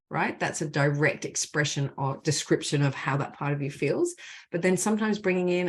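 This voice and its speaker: A woman, acting as a spiritual mentor who guides a group call in a gentle, soothing, affirming way and often adds "right?". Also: fairly low pitch, expressive, moderate pace. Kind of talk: guided group clearing session. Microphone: online video call.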